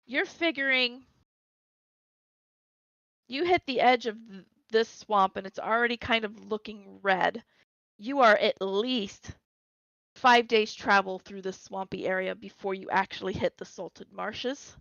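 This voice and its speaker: Woman, game master, slow-talking, dry close mic. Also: mid-range voice, gravelly, fairly bright tone, no echo, dull audio. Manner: unhurried, hesitant, with fillers. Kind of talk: narrating a tabletop game over voice chat. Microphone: headset over voice call.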